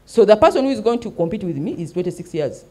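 A middle-aged woman with a Ugandan accent holds forth as a talk show host. She talks fast, and her pitch leaps up and down. She keeps checking in with her listeners with a quick "eh?". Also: very animated, darkish tone. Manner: emphatic, mixes English and Luganda, asks "eh?" often. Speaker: host and mentor. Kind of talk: animated talk show monologue.

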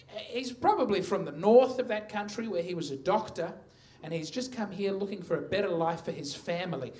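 High-voiced Australian comedian, sardonic. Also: male voice. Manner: punchy, sardonic storytelling. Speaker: stand-up comedian. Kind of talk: stand-up comedy set. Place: live comedy venue. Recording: noisy live recording.

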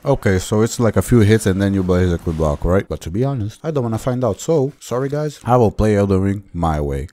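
A man giving animated let's-play commentary as a gaming YouTuber, ranting and swearing mildly with sudden shouted outbursts. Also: on the low side, fairly quick, few pauses, slight background noise.

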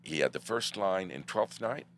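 A man guest on a podcast, telling theater stories in a measured, theatrical way. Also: low-pitched, lively intonation, a bit bright, slight background noise. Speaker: guest actor. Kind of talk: casual storytelling.

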